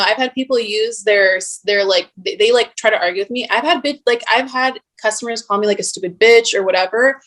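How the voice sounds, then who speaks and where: Blunt young woman telling animated stories. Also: fairly high pitch. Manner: blunt, animated storytelling with lots of "like". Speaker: podcast guest. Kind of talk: casual chat.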